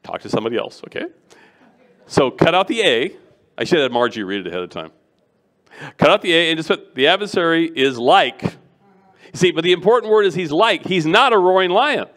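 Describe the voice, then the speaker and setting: A middle-aged man giving a sermon as a guest preacher, animated and acting out the voices of people he quotes. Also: a little high, a little fast.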